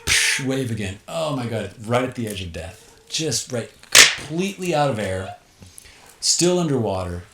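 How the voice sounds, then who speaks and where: This middle-aged guest, medium-pitched and very animated, talks at a normal speed while sharing a personal story in a relaxed interview inside a tipi. Gasps and exclamations punctuate the scenes he acts out, and the recording carries a roomy echo with faint noise.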